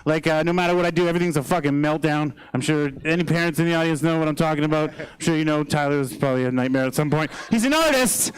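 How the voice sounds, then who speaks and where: A man's voice: a little high, fast, few pauses, poor audio. A man in his thirties with a Canadian accent doing a rambling stand-up set on a theater stage, swearing often. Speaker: stand-up comedian.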